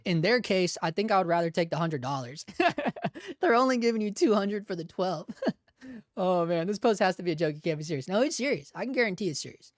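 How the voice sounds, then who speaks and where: Recorded with studio quality and no room sound, this high-pitched young host swears freely through a casual livestream. His fired-up ranting is full of repeated words and repetition, broken by chuckles as he goes through comments from viewers.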